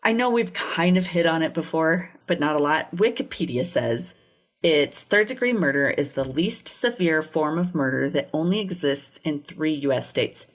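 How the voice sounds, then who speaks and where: A woman's voice: low-pitched, animated, moderate pace. Blunt, wry woman podcast co-host. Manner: blunt, sarcastic asides while recounting a case. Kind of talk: true crime storytelling chat.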